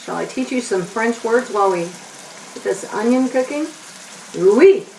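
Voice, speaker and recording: Onions sizzle behind a kids' cooking show host as she cooks casually in her home kitchen, talking to herself while she stirs. Her voice is a little high and creaky, at a moderate pace. She's far from the mic in a roomy space, with slight background noise.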